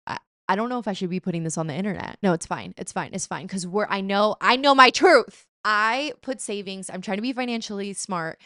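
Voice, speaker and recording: Young woman, casual vlog chatter, animated and self-mocking, dry close mic. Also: mid-range voice, no echo. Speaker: vlogger. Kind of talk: casual chat.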